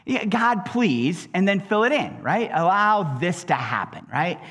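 A man's voice: high voice, moderate pace. A man preaching a sermon in a conversational way, acting out quoted prayers and often repeating words as he goes. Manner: animated, acts out quoted prayers in changing voices; conversational, with frequent word repeats. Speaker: pastor.

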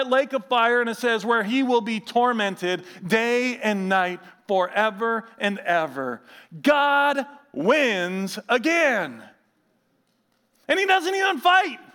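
High-voiced, animated male pastor preaching. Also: long reverb tail. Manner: animated storytelling, acting out others' voices; reads scripture slowly and gravely. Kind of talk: sermon.

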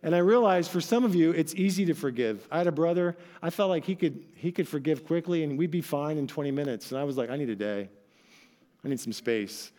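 A man's voice: on the high side, quick pace, few pauses, a little mellow. A male pastor giving a sermon, telling stories animatedly and acting out voices with emphatic asides to his congregation.

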